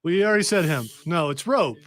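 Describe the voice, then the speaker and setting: A man hosting a radio talk show in a studio, rambling and joking through casual banter with co-hosts. His voice sits a bit high for a man. The sound is dry and close. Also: expressive, fairly quick, fairly bright tone, no echo. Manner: rambling, joking, restarts mid-thought.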